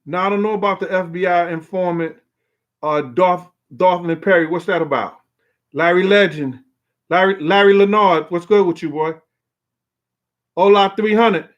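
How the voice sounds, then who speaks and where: Fast-talking man shouting out viewers. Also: high-pitched, dull audio. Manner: street slang, shouts out viewers by name; emphatic, repeats himself. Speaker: show host. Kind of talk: casual live-stream chat.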